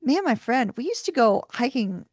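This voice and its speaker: A woman in her fifties, from the United States, telling a long personal story in a chatty, animated way with frequent asides, as host of her livestream. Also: on the high side, moderate pace, no room sound, clean studio sound. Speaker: tarot channel host.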